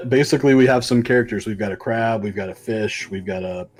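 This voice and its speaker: A man's voice: medium pitch, brisk, soft background music. A man co-hosting a comic book podcast, retelling a story in a rambling, casual way with many ums and likes. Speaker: podcast co-host.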